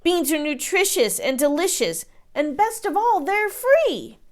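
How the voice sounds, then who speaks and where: A woman's voice: big pitch swings, unhurried, heavily acted. A woman reading a children's picture book aloud, voicing a bossy giant woman who scolds and lectures. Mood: scolding. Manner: scolding, high and emphatic.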